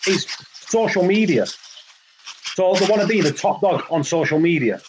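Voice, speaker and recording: A man talking in a loose group video chat, his pitch rising and falling a lot. He rambles, swears freely and laughs often. There is clear noise behind him. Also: expressive, normal speed.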